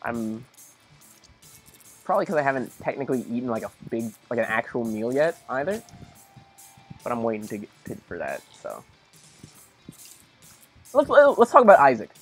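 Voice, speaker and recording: A man's voice: medium pitch, big pitch swings, moderate pace, long pauses, breathy edge, faint music behind. A young man casually rambling through gameplay commentary, tired and easygoing, now and then talking to his dog. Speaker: let's play commentator.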